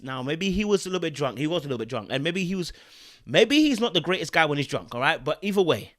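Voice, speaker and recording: A man's voice: a little high, pushed and bright. A man hosting a podcast, giving his opinions in a preachy, emphatic way, mixing in slang and checking in with the listener often. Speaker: podcast host.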